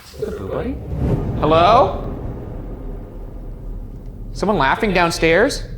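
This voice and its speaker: A man hosting a ghost hunt in an old house, calling out loudly one moment and muttering quietly the next. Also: sits high, very animated, takes it slowly, a little hiss or hum. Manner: jumpy, swings between hushed muttering and loud calling out. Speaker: ghost hunting show host. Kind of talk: solo ghost hunt narration.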